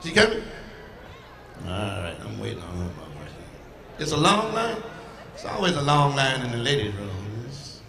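Brash, profane woman comic working the crowd. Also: a bass voice. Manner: brash, profane, teasing the audience. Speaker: stand-up comedian. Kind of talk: stand-up crowd work. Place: live comedy stage before an audience. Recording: echoey venue with audience noise.

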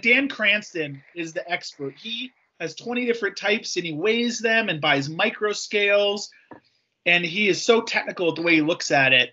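Upbeat high-voiced American man on a call. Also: pushed and bright, lo-fi sound. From USA. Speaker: guest. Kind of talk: casual video call chat. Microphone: video call.

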